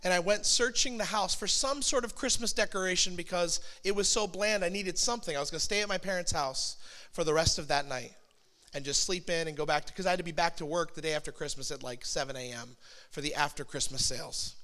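Bright high-voiced storytelling pastor. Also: male voice, fast talker. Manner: animated, self-deprecating storytelling with sudden high bursts. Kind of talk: sermon storytelling.

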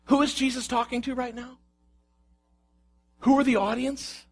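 High-voiced man preaching a sermon. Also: normal speed, breathy edge. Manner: expressive preaching, reads scripture aloud, asks rhetorical questions. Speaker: pastor.

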